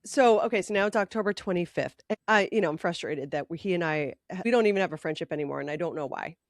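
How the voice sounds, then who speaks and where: A woman's voice: lowish voice, quick pace, dry recording, clean studio sound. A middle-aged woman co-hosting a podcast, reading her teenage diary aloud and laughing at it in casual chat. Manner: animated, laughing at her own teenage writing. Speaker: podcast co-host.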